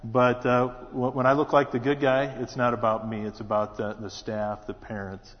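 A middle-aged man from South Dakota, a school superintendent, telling a personal story in a plainspoken, steady way to a church congregation. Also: medium pitch, normal speed. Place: church sanctuary. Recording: dull, lo-fi sound with long hall reverb.

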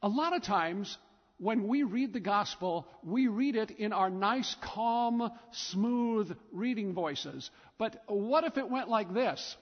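A man's voice: sits high, animated, slow pace. A man preaching a sermon in a church, telling the story emphatically with lots of repetition. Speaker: pastor. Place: church sanctuary. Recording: dull recording with long church reverb.

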